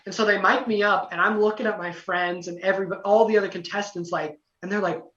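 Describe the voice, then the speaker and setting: A young man telling a casual story as a podcast guest, lively, acting out quotes, with lots of "you know" fillers. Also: high voice, quick pace. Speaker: podcast guest, former singing contestant. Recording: roomy, distant, dull lo-fi sound.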